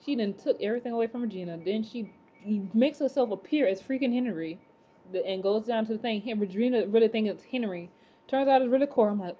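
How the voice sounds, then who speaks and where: A woman casually recapping a TV episode, rambling with many fillers and excited exclamations. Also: fairly high pitch, fast, lo-fi sound. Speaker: TV episode reviewer.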